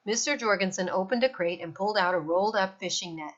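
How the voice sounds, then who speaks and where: A woman speaks quickly at a medium pitch as she reads a children's novel aloud, bringing expressive storytelling flair to it. The recording has a slightly dull sound.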